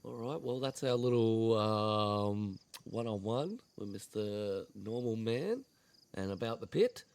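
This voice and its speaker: Brief: man, lower voice, relaxed host steering the chat. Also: takes it slowly, clear, resonant tone, no echo. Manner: laid-back, short reactions. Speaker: podcast host. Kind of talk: casual chat.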